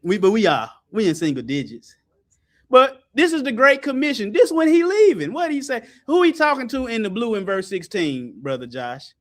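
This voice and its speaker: A man preaches in a high voice that swings all over. He is loud and colloquial, laughing and breaking into shouts. His pitch leaps from line to line. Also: sing-song, moderate pace. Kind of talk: animated sermon with scripture call-and-response.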